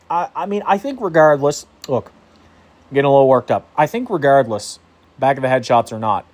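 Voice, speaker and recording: A young man giving a casual fight recap in a heated, profane rant. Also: medium pitch. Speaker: MMA commentator vlogger.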